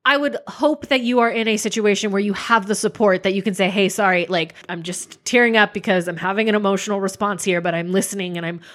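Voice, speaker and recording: A woman's voice: mid-range voice, fairly even intonation, quick pace, hardly any pauses, fairly bright tone. A woman co-hosting a podcast, speaking candidly and thoughtfully about her own experiences in casual chat. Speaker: podcast co-host.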